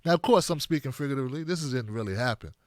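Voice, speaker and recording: A man hosting a political commentary livestream, animated and joking, swinging from shouts to mumbles. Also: medium pitch, very fast, no room sound, clean studio sound. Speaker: host.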